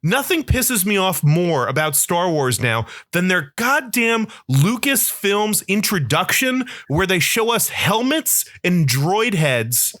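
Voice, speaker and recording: A man's voice: sits high, big pitch swings, slow pace, hardly any pauses. A young man on a podcast, ranting angrily with constant swearing. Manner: angry, profane, shouting rant. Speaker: podcast co-host. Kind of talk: profane comedic rant.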